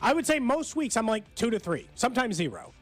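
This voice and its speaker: A man's voice: very high voice, big pitch swings, a little fast, soft background music. A man co-hosting a sports radio show, opinionated and thinking aloud as he talks. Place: radio studio. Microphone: studio microphone.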